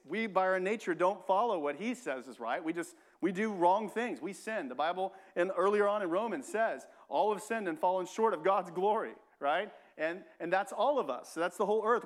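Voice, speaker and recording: A male pastor with a high voice preaches a sermon in a church in a conversational way. He repeats phrases and frequently adds "right?" as an aside.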